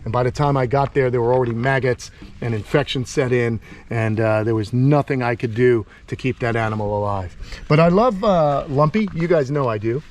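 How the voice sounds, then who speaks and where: A middle-aged man from Long Island hosting a casual vlog outdoors by a tortoise enclosure, rambling and excitable with lots of fillers. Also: medium pitch, fairly quick, slight background noise. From Long Island, New York. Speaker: host, tortoise keeper.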